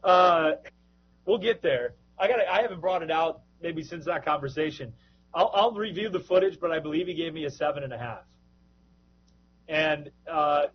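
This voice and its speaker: Joking podcast man, slightly high voice. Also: lively intonation, moderate pace, highs cut off, slight background noise. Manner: joking, rambling storyteller. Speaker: podcast co-host, minor league broadcaster. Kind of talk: casual podcast chat.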